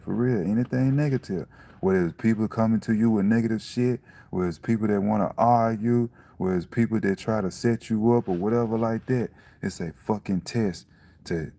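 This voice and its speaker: A man giving a casual, profane motivational talk about staying calm, repeating himself to press his point. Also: low voice. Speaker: vlogger.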